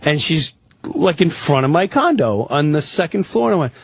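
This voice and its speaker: Man, talk-radio guest, husky voice, lively swooping delivery, dry close sound. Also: fairly high pitch, normal speed, dry recording. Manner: rambling, excitable, acts out the people in his story. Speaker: guest telling a story. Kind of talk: animated talk-radio storytelling.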